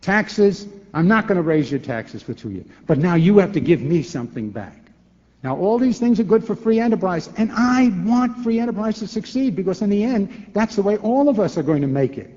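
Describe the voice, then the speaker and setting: Older man, animated rhetorical speaker, mellow tone, echoey lecture hall, dull lo-fi tape. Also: sits high, a little fast. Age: 60s. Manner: animated and rhetorical, acts out both sides of dialogues; repeats words when restarting. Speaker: former governor as forum speaker.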